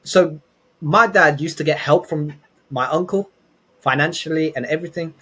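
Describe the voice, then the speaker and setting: A young man spins rambling anecdotes on a podcast, backing up and restarting as he goes. His voice sits a little high and has a husky edge. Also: normal speed, pushed and bright. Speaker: podcast guest, streamer. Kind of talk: casual storytelling.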